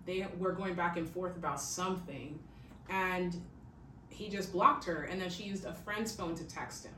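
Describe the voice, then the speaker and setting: A podcast host tells a true-crime story casually and chattily, sprinkling in "like" and "okay?" throughout. Her voice is fairly low and fairly bright. The recording sounds echoey, with a distant mic and faint hiss.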